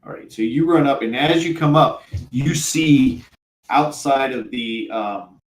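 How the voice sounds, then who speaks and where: A man's voice: mid-range voice, a little slow. Hesitant man narrating as game master. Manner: hesitant narration full of ums and uhs. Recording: roomy echo, faint background hum.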